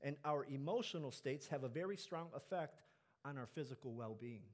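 A man preaching a sermon, climbing to loud emphatic peaks and dropping low and soft on key lines. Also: expressive, normal speed.

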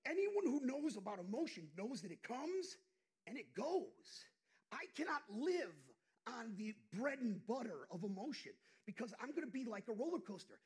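Husky-voiced male pastor preaching passionately. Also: very high voice, very animated, normal speed. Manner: impassioned, swings from hushed asides to loud outbursts. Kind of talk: sermon.

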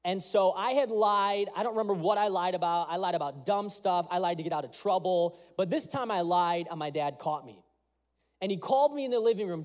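High-voiced man preaching a sermon. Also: fairly quick, a little mellow. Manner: earnest storytelling with prayer. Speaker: pastor.

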